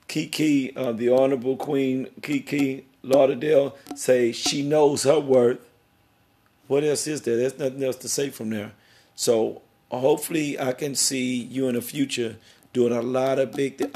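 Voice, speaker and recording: A middle-aged podcast host, his mid-range voice slightly dark in tone, talks during an interview about worth and family. He's emphatic, preachy and rambling.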